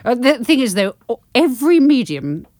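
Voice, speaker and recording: Deadpan woman podcast host. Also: a little high, normal speed, dry recording. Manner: deadpan, dry self-mocking jokes. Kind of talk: casual comic chat.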